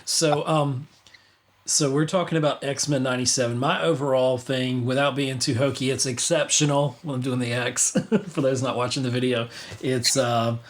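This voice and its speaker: A man's voice: medium pitch, steady tone, normal speed. A man hosting a casual livestream podcast, rambling with many restarts and fillers. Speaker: podcast host.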